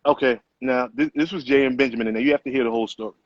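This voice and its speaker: Middle-aged man, author guest, rapid-fire slangy storytelling, husky voice, dull lo-fi sound. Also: mid-range voice, no echo. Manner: animated, profane street slang. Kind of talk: casual interview storytelling. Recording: muffled lo-fi sound.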